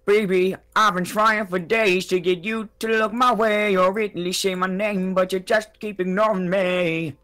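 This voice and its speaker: Man putting on a lovesick singing cartoon object, high, slow, crooning. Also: steady tone, fairly bright tone. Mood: pleading. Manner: slow, sung.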